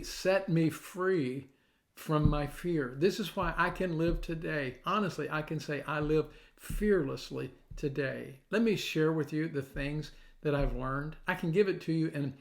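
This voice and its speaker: Middle-aged pastor preaching a lively sermon. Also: male voice, a little high. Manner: storytelling with acted-out quotes, soft dips to near whisper.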